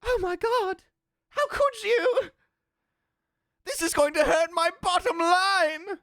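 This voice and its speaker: A man putting on a shrill, whiny falsetto to mock an outraged online creator. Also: slow pace, fairly bright tone, no room sound, clean studio sound, full character voice.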